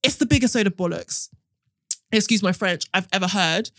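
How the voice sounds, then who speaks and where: A British woman hosting a podcast, telling stories and giving opinions in an animated, casual way. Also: medium pitch, moderate pace, no echo, clean studio sound. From United Kingdom. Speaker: podcast host.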